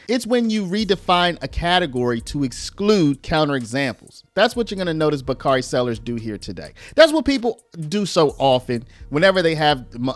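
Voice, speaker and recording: A man's voice: on the high side, no room sound. A man giving argumentative commentary on played clips, explaining step by step with rhetorical asides.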